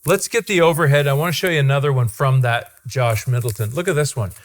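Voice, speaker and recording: A man from Ontario, hosting a podcast as an enthusiastic, animated storyteller. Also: mid-range voice, fast talker. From Ontario, Canada. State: father. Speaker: podcast host. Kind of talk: casual chat.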